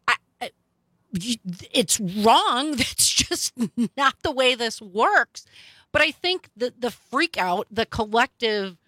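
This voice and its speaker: A woman hosting political talk radio, sarcastic and animated, with quick asides. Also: on the high side, dry recording. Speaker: radio talk show host.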